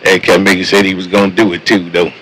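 Deep laid-back trucker on CB radio. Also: male voice, little pitch movement, fast talker, bright, forceful tone, breathy edge, rough recording. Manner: laid-back, slangy, repeats catchphrases. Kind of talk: casual CB radio chat.

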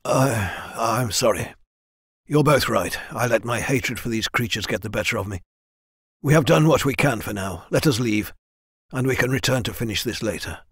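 A man voicing a stern male warrior captain in an audiobook, speaking in a forceful, commanding way. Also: medium pitch, moderate pace, slightly rough, no echo, studio quality. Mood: calm.

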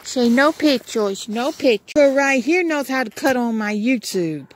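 A woman's voice: on the high side, animated, measured pace. A woman, cooing sing-song baby talk to her dogs outdoors, recorded on a phone. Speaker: vlogger. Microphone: phone camera.

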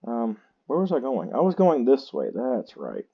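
A tired man, chatting slowly and poking fun at himself while he plays a game. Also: medium pitch, huge pitch swings, husky, lo-fi sound. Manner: slow, chatty and self-mocking. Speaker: gaming channel host. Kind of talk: casual gameplay commentary.

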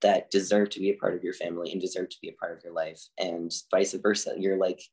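A man's voice: deep voice, little pitch movement, quick pace, a little mellow. A man, a drag artist talking casually as a podcast guest, with lots of "like" fillers. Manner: chatty, filler-heavy with frequent "like". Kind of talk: casual interview talk.

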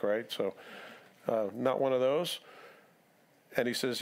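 A man's voice: mid-range voice, slow pace, long pauses. A male pastor giving a casual, conversational sermon, asking his congregation questions and acting out the dialogue of the story he reads. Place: church sanctuary.

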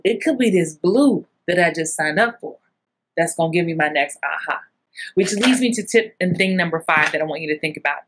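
Animated woman acting coach. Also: slightly rough. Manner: animated, acts out little scenes with big jumps in pitch. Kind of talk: casual coaching talk.

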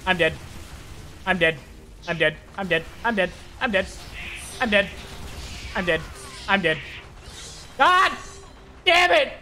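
Male streamer, high and bright tone, slow easygoing talk broken by excited shouts. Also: slight background noise. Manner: excitable, swears often, shouts at enemies. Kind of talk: live gameplay commentary.

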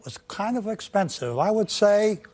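High-pitched, exuberant man in his seventies. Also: lively intonation, moderate pace, a little mellow. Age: 70s. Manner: chatty, joking, exuberant. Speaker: game show contestant. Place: TV studio.

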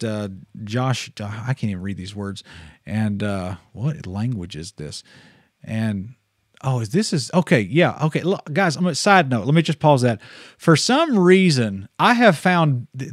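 A man's voice: medium pitch, no room sound, clean studio sound. A man hosting a casual missionary livestream, chatty and folksy, with frequent praise and easy laughter.

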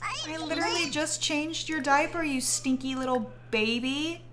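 A woman's voice: high-pitched, moderate pace, background noise. A young woman streaming a life-simulation game live, giving exasperated, joking running commentary to her chat.

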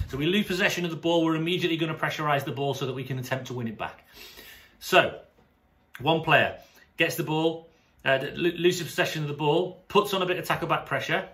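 A man with a British accent, a sports coach talking casually to camera in an animated, chatty way, often restarting his sentences. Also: fairly high pitch, brisk. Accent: British English. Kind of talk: casual vlog monologue to camera.

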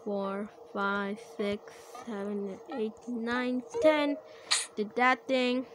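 A woman giving casual, excitable commentary while playing an online game, laughing and shouting as things happen. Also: on the high side, drawn-out words, slight background noise, low-quality recording. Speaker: gaming channel creator.

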